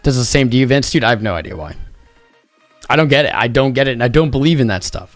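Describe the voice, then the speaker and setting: A man's voice: mid-range voice, expressive, quick pace, no echo, soft background music. A tired man hosting a livestream, chatting casually in a rambling, jokey way. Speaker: crypto livestream host.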